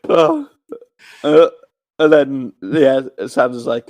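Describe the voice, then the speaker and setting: Male podcast co-host, mid-pitched, chatty recap with acted-out bits. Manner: animated retelling, acting out scenes in quick voices. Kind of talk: casual movie recap chat.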